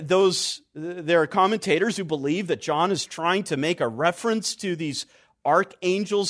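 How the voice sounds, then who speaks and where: A man delivers an expository sermon in a fairly high voice. He speaks slowly and deliberately, leaning on key words. His phrases sink low and soft at their close. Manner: slow, deliberate emphasis, dropping low and quiet at phrase ends. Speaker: preacher.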